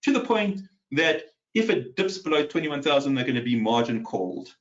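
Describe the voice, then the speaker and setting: A man's voice: on the high side, big pitch swings, moderate pace, muffled recording. A man hosting live market commentary from his home office, talking casually with many fillers and restarts and putting questions to his viewers. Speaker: market analyst host.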